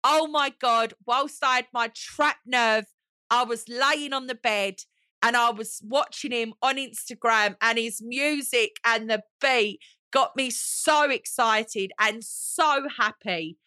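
A woman talks straight into a close mic, gushing and theatrical as she hosts her solo podcast. Her voice is bright and forceful, and the recording is dry. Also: a little high, takes it slowly, no echo. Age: 40s. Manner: gushing, theatrical, calls listeners honey. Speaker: podcast host. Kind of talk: chatty solo podcast monologue.

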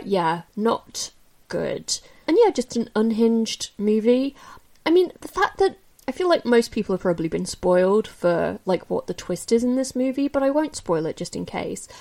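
A woman casually reviewing films she watched, candid and chatty, with many fillers and restarts, jumping up in pitch when she gets opinionated. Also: very animated, moderate pace, creaky, mellow. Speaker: film reviewer. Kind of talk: casual spoken film review.

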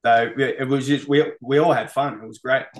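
Brisk and steady in a mid-range voice, this Australian guest is a metal band musician in a relaxed interview. He swears plenty and says "mate" often.

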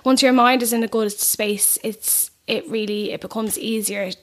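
A young Irish woman chatting casually as a podcast guest, laughing often and adding quick asides. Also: on the high side, steady tone, a bit bright. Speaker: podcast guest, fitness trainer. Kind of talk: casual chat.

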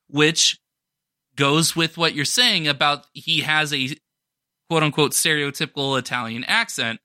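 Bright, chatty male podcast cohost. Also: a little high, dry recording, studio quality. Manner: chatty, restarts often, enthusiastic. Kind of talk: casual chat.

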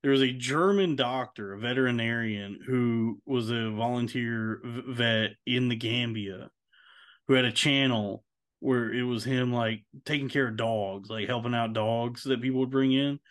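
A man's voice: mid-range voice, steady tone, moderate pace, fairly bright tone. A man co-hosting a casual podcast, telling a long rambling story and saying "dude" often. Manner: mimics voices when quoting others. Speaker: podcast co-host. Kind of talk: casual chat.

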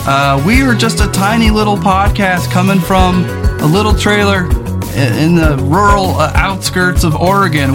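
A man hosting a casual podcast from a small rural trailer, talking in an enthusiastic, rambling way. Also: on the high side. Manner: enthusiastic, rambling, emphatic announcer-like intro. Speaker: podcast host.

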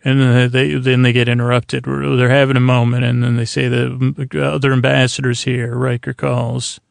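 A man talks through a casual episode recap in a heavily gravelly voice, rambling and halting, with frequent fillers. His delivery stays flat and even, and the recording is dry and close. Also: mid-range voice, dry recording. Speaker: podcast host.

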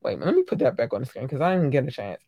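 A woman's voice: rumbling low, very fast, no room sound, lo-fi sound. Chatty, effusive woman podcast host. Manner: effusive, warm shout-outs to listeners, frequent ums; animated, swings into loud excited bursts. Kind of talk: casual solo podcast chat.

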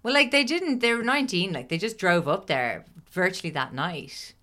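This is a woman with a bright, forceful tone who sits a little low in pitch. She tells a story to her friends in loose podcast chat. She swears freely and fills her talk with little asides. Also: animated, moderate pace. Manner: chatty and swearing, with frequent laughs and fillers. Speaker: podcast host telling the story.

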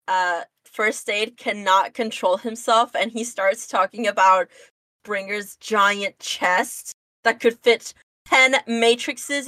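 A woman's voice: mid-range voice, pushed and bright, no room sound. A woman co-hosting a casual podcast, recapping a comic with lots of fillers and restarts. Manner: halting, many fillers and restarts. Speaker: podcast co-host.

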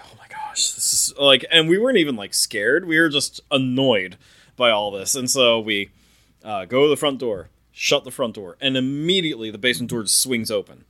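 A man in his thirties, a podcast host, telling a ghost story in a casual, animated way and acting out the sounds. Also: mid-range voice. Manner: animated, acts out sounds and quotes.

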